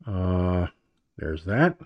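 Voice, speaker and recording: Male online radio host; slow, lively-pitched sarcastic rambling monologue, dull lo-fi home mic. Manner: rambling, sarcastic, repeats himself. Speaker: internet radio talk show host. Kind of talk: opinionated political monologue.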